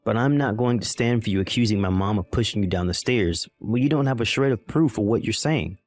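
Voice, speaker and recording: A man's voice: lowish voice, brisk, a little mellow, soft background music, natural voice. A man playing a dismissive, callous young husband in a voiced text-message drama, irritated and condescending.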